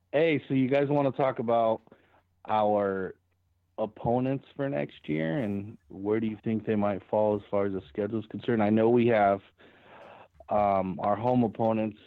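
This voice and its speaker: A man co-hosts a laid-back sports podcast, rambling through stories and laughing as he goes. His voice sits slightly low and very dry. It comes through a narrow, tinny phone line. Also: measured pace, dry recording. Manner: laughs often, rambling storyteller. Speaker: podcast co-host. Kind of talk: casual sports podcast chat.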